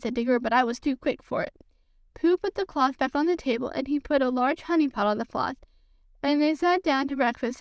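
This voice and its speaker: A woman reading a children's book aloud for a podcast in a gentle storytelling manner. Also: high-pitched, dry recording. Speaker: podcast reader.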